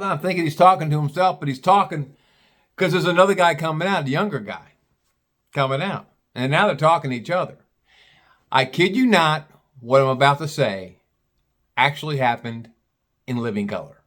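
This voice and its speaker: A man's voice: medium pitch, fairly quick, a bit bright. Male storyteller, casual and rambling, restarts often, curses freely, mid-range voice. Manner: rambling, restarts, blunt swearing.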